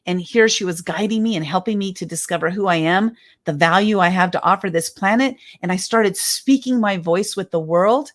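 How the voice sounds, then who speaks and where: A woman's voice: medium pitch, moderate pace, hardly any pauses. A woman in her fifties giving an emphatic, heartfelt motivational talk as a speaker and coach, often repeating her phrases. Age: 50s.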